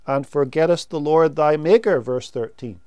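A man delivers a sermon at an unhurried pace, his voice a touch higher than most men's and mellow. His tone is smooth and resonant, and the recording is close and dry. He stresses key words and lets phrases fall away quietly. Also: dry recording. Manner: slow, emphatic preaching with rising and falling emphasis. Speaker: preacher.

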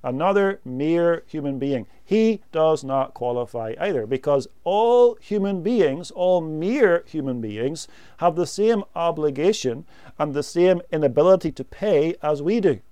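A man delivers a sermon at an unhurried, deliberate pace, pressing his points home by repeating key words. His voice is warm, dark and smoothly resonant. The recording is close and dry. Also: a little high, expressive, no room sound. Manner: slow, measured doctrinal teaching with emphatic repetition. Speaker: preacher.

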